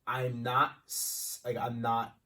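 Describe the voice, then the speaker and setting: A man's voice: mid-range voice, completely flat delivery, takes it slowly, pushed and bright, distant mic. Laid-back young man, casual podcast chat. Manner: swearing, laid-back, repeats himself. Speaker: podcast co-host.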